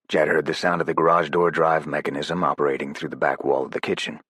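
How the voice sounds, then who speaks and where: A man narrating a thriller audiobook in a steady, even storytelling manner. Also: extremely low pitch, fast, hardly any pauses, breathy edge, dry recording, studio quality. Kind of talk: scripted narration.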